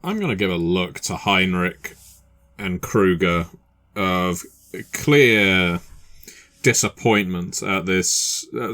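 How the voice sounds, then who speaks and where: A man's voice: low voice, sharp tone. A man playing a tabletop role-playing game, speaking in a hesitant, thoughtful way, with music behind. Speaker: player. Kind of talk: tabletop role-play, in and out of character.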